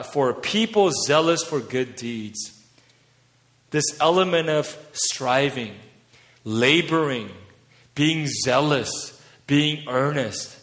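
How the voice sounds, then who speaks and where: A man's voice: on the high side, a bit bright. A man preaching a fervent sermon, his voice rising to emphatic peaks as he urges his listeners on. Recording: long hall reverb.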